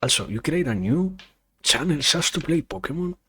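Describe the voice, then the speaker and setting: A man's voice: a little high, sing-song, normal speed, fairly bright tone, husky. Rambling male gaming streamer. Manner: rambling, self-correcting, swears casually while playing. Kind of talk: casual gaming stream chat.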